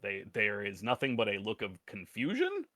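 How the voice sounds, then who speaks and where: A man running a tabletop game over a virtual table, narrating casually and rambling, often circling back mid-sentence. His voice is bright and forceful at a mid pitch. The recording is dry and close. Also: huge pitch swings, normal speed, no room sound. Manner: casual, rambling, with frequent restarts and laughs. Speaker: game master.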